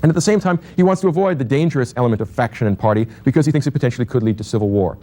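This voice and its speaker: A man's voice: mid-range voice, very fast, warm tone, a little hiss or hum. A man giving a university lecture on political theory, thinking aloud with restarts and asides.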